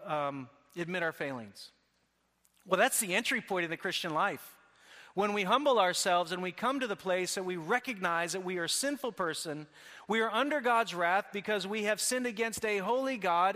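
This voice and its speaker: A man's voice: high-pitched, sharp tone. A man preaching a sermon earnestly, often restarting his phrases. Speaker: pastor. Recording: long hall reverb.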